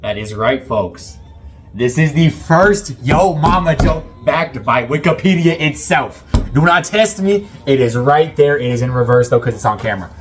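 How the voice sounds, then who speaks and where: Young man putting on a booming boastful announcer. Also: slow, over music. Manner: emphatic, shouty delivery to the audience.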